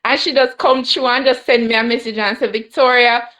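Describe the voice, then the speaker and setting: Jamaican woman sharing testimony, slightly high. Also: fairly even intonation, a little fast, fairly bright tone. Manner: mixes Jamaican patois with English, laughs often. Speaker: Bible study member. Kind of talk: emotional personal testimony.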